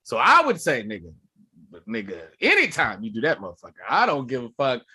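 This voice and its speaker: A man, a comedian and podcast co-host, telling animated, profane stories in casual chat. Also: medium pitch, a little fast, slightly rough.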